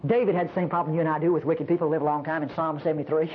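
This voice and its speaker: A woman preacher giving a sermon at a church service, emphatic and animated, often asking the congregation rhetorical questions. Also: low voice, racing, few pauses, lo-fi sound, slight background noise.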